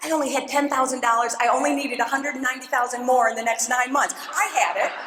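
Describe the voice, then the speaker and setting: A woman giving an animated, dramatic testimony as keynote speaker at a church event, acting out what people said to her. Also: high voice, fast talker, noisy background. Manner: animated, dramatic storytelling with voiced quotes. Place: large church. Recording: echoey church hall with long reverb.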